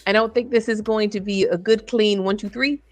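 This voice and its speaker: A woman's voice: mid-range voice, fairly even intonation, brisk, dry recording. A woman co-hosting a podcast, chatting casually and agreeably, easily amused. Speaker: podcast co-host. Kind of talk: casual wrestling predictions chat.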